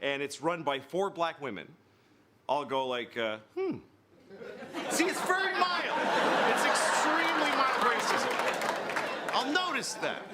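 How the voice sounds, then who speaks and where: Man, fifties, stand-up comic, animated pitch swings, loud live audience noise. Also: a little slow. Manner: exasperated, animated storytelling. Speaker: stand-up comedian. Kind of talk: stand-up comedy. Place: stage before a live audience. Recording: live show with loud crowd laughter.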